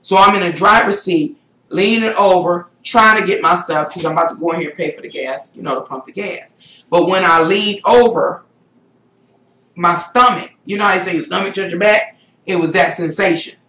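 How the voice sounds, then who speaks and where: A woman's voice: normal speed, fairly bright tone. Middle-aged woman vlogger, casual rambling storyteller, echoey room. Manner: rambling, with shrill exclaimed self-quotes. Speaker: spiritual vlogger.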